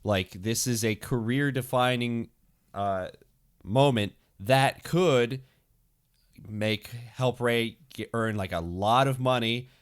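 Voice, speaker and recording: A man's voice: mid-range voice, takes it slowly, clear, resonant tone. A young man co-hosting a casual podcast, talking through his thoughts in a rambling, hesitant way with many fillers. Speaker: podcast co-host.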